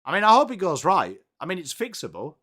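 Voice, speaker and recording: A man hosting a live football watchalong, reacting excitedly and chatting with viewers by name. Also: high-pitched, fast. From England. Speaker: live-stream watchalong host. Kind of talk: live sports reaction and chat.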